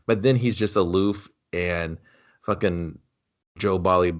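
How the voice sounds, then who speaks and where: A man's voice: sits low, fairly even intonation, a little slow. A young adult man co-hosting a movie review podcast, rambling sardonically and swearing freely as he picks apart a film. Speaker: podcast co-host. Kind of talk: casual movie review banter. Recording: dull lo-fi sound.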